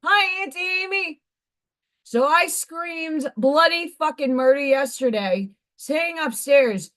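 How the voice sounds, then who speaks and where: A woman in her forties hosting a livestream, her voice hoarse and partly gone, venting bluntly and profanely with exasperation. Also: high voice, takes it slowly, fairly bright tone. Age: 40s. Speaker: livestream host. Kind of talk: casual venting livestream chat.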